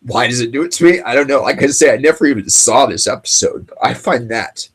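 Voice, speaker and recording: Tearful and choked up, a late-night host rambles through an informal monologue in a husky, mid-range voice. He grew up in the 1980s, and his speech is halting, peppered with fillers and false starts.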